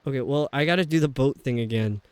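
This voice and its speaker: A man's voice: medium pitch, fast, a little mellow, smooth, dry recording. A man with a faint New York metropolitan accent, chatting casually and laughing while streaming a video game. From New York City metropolitan area. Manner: chatty and rambling, laughs often.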